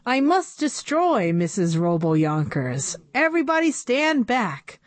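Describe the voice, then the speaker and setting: A woman's voice: sing-song, unhurried, no echo. A woman reading aloud, voicing a tearful female teacher and inventor who sobs dramatically. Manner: sobbing, high and dramatic.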